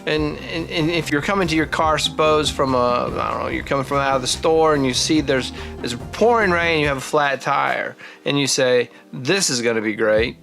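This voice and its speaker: A man's voice: fairly high pitch, moderate pace, creaky, few pauses, music in the background. A man in his forties hosting his own vlog, talking casually and thinking aloud with frequent restarts. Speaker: vlog host. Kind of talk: casual talking-head monologue.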